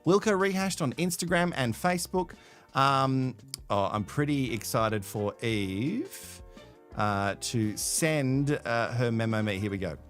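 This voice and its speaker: A man's voice: mid-range voice, measured pace, faint music behind. Rambling male host. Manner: rambling, self-deprecating, filler-heavy. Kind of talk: live stream commentary.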